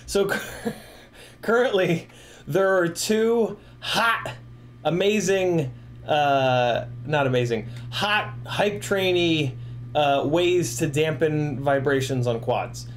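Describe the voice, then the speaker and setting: A man's voice: fairly high pitch, slow pace, slight background noise. A man in his forties, tipsy and rambling, hosting a casual livestream chat with profane rants and frequent laughter. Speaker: FPV drone livestream host.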